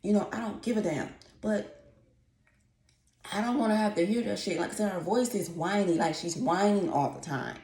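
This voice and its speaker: A woman's voice: mid-range voice, normal speed, a little mellow. A woman, ranting in a casual, profane, rambling vlog about her apartment. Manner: exasperated, profane, rambling rant. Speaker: vlogger. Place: apartment at home. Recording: echoey room.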